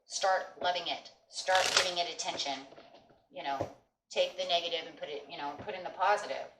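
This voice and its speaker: A woman's voice: fairly low pitch, moderate pace. A woman giving a casual, reassuring tarot reading to viewers, often checking in with "okay?" and "you know.". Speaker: tarot reader. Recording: echoey room with faint background noise.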